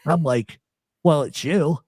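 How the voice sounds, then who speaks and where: A man's voice: fairly high pitch, slow pace, husky, no room sound, clean studio sound. A man hosting a live talk show, telling stories in casual chat and acting out the voices of people he quotes. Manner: animated storyteller, acts out quoted voices.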